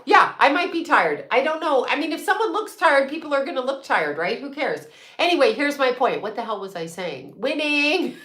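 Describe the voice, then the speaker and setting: A woman's voice: high voice, big pitch swings, a little fast, a bit bright, roomy sound. A woman host ranting in a blunt, profane, sarcastic way, laughing often as she chats to her viewers. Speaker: psychic medium host. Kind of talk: casual live-stream rant.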